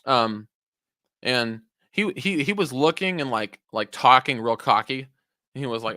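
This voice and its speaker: A young man chats on his podcast in a bright, forceful voice, recorded close and dry. He rambles from story to story, stumbles over his own words and swears freely. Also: medium pitch, moderate pace, no echo. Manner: rambling, self-interrupting, swears often. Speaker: podcast co-host. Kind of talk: casual chat.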